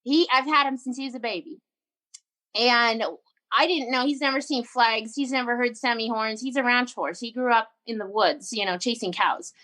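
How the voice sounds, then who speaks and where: A woman telling a personal story in a casual interview, animated and emphatic, acting out her own quoted lines. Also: fairly high pitch, moderate pace. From Canada. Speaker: guest entrepreneur.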